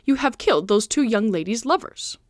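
A loyal, cool-headed male servant who reasons and coaxes with wry calm, as a woman reads him. The voice rises and falls in lively sweeps and sounds dry and close. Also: on the high side, fairly quick, dry recording, close to an everyday voice.

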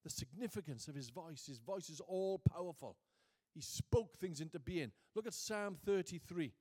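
Man preaching a sermon, rising to booming emphasis. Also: expressive. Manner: builds from quiet reflection to booming emphasis; reads scripture aloud slowly.

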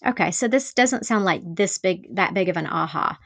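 A woman's voice: on the low side, animated, moderate pace, a bit bright, dry recording. A woman hosting her own podcast in a casual, candid solo talk, chatty and self-deprecating, with lots of "like" fillers. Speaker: podcast host.

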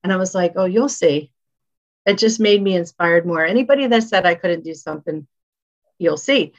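A woman music executive, a guest on an interview show, telling animated stories and acting out what people said. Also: on the low side, brisk. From northeastern United States. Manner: animated storyteller, acts out quotes. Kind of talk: casual interview chat. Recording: dull lo-fi audio.

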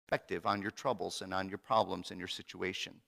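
A man in his fifties preaching a sermon, swinging dramatically between loud emphasis and hushed asides. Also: low voice, level tone, fairly quick, vocal fry. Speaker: pastor. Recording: long hall reverb.

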